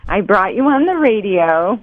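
A woman on a radio call, laughing often and gently insisting that her partner change. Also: mid-range voice, sing-song, measured pace, no echo, narrow, tinny audio. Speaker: caller's partner on a radio prank segment. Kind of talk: on-air phone conversation.

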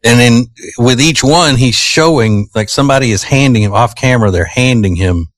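A man's voice: medium pitch, moderate pace, no room sound. A man hosting a radio show, rambling casually with lots of fillers.

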